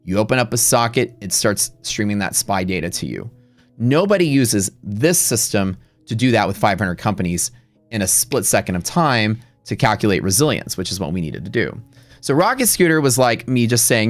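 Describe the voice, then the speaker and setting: A man's voice: lowish voice, very animated, normal speed, no echo, faint music behind. A middle-aged man hosting a live day-trading stream, telling a story in a blunt, profane, rambling way with many restarts.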